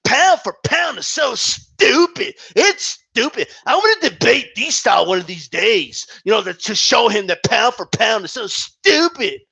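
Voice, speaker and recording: A man's voice: very high voice, big pitch swings, measured pace, vocal fry, hardly any pauses, pushed and bright, slightly rough, exaggerated voice. A man putting on the voice of a dismissive, know-it-all boxing critic, mocking his manner. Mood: scoffing.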